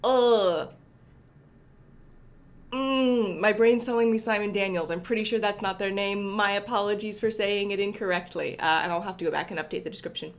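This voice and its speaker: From her apartment, a young woman leads a casual coding livestream, greeting viewers by name, chatty and prone to correcting herself, a little sniffly from allergies. She speaks at a normal speed in a medium-pitched voice with fairly even intonation.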